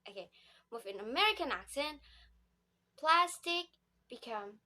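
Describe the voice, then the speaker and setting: Young woman, Indonesian accent, bright and slightly high, unhurried explainer. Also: animated, low-quality recording. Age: young adult. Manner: slow, explains and repeats words, says "guys". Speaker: student presenter. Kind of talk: classroom presentation comparing accents.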